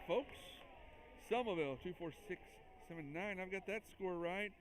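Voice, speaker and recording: Small-town man calling a school basketball game, high voice, chatty and excitable, noisy gym sound. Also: moderate pace. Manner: excitable, chatty, jokes with the listeners. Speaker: play-by-play announcer. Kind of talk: amateur basketball commentary.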